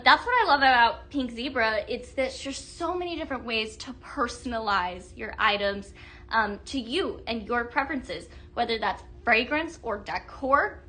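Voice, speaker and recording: Gushing about the items on her live-selling stream, a woman chats casually, fills her speech with fillers, and reads out viewer comments to respond. Her voice is a little high, animated, and sharp, delivered at a measured pace.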